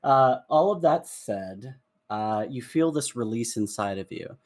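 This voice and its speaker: A man narrating a tabletop game as dungeon master, in a hushed, drawn-out storytelling manner with soft fillers. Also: mid-range voice, lively intonation, no room sound. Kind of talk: slow descriptive game narration.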